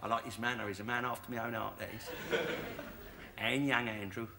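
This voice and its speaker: An actor playing a boastful, bigoted old working-class Londoner with a Cockney accent, ranting loudly in a sitcom monologue. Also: male voice, lowish voice, steady tone, brisk, vocal fry. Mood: drowsy tipsy. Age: older. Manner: loud, bragging, ranting. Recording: sitcom recording with loud background noise and audience laughter.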